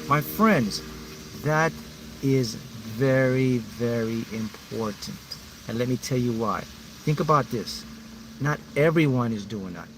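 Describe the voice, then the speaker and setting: A man's voice: mid-range voice, background noise. A man as a manifesting mentor, speaking emphatically and repetitively to his viewers in a live motivational talk. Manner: reads out viewers' names.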